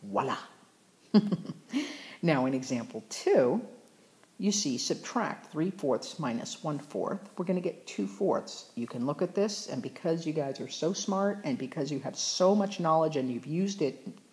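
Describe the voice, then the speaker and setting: Woman math teacher, low voice, chatty and encouraging, restarts sentences a lot. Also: lively intonation, normal speed, darkish tone. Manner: chatty, encouraging, self-correcting. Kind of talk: recorded math lesson.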